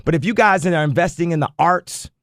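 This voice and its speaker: A man's voice: fairly high pitch, a little fast, fairly bright tone, no echo, studio quality. A man in a radio interview, talking insistently and boastfully, repeating his point over and over. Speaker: interview guest.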